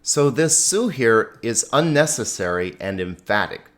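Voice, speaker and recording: A male teacher walking students through a grammar lesson at a slow, deliberate pace. His voice sits in an ordinary middle range. He stresses key words and chuckles lightly as he explains. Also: mid-range voice, expressive, a bit bright. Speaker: Greek teacher.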